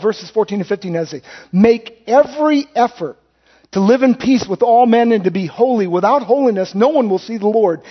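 A man with a high-pitched voice delivers a sermon, telling folksy stories and acting out quotes as he goes. He catches and corrects his own slips as he talks. The recording sounds dull and lo-fi. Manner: storytelling with acted-out quotes; folksy, with self-correcting restarts. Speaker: pastor.

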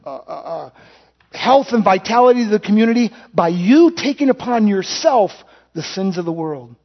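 A man with a high-pitched voice delivers a sermon, telling folksy stories and acting out quotes as he goes. He catches and corrects his own slips as he talks. The recording sounds dull and lo-fi. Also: expressive, normal speed. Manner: storytelling with acted-out quotes; folksy, with self-correcting restarts. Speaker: pastor.

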